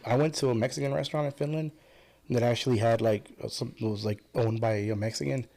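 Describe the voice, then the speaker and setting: Fast-talking rambling man, casual chat. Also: medium pitch, steady tone, vocal fry, mellow. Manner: rambling storyteller, many restarts and fillers. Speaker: podcast guest.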